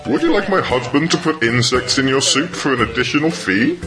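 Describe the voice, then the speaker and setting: A man voicing a blank-eyed woman deli server who repeats herself in a flat, high voice. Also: a little fast, music in the background, natural voice.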